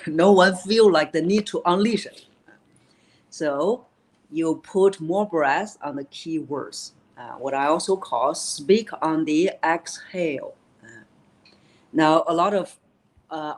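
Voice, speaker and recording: A woman's voice: low-pitched, slow, low-quality recording. A woman voice coach explaining vocal technique in an interview, with many "uh" fillers and key phrases repeated.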